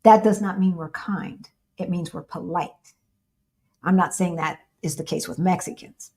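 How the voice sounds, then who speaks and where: A woman's voice: fairly low pitch, fairly even intonation, a little slow, gravelly, a little mellow. An American woman hosting a casual livestream with her partner, chatting and answering viewer questions. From United States. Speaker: co-host of a livestream.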